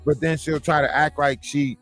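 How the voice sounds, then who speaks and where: A man's voice: on the high side, flat delivery, moderate pace, a bit bright, soft background music. A man hosting a livestream, talking casually and mockingly in slangy gossip commentary. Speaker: livestream host.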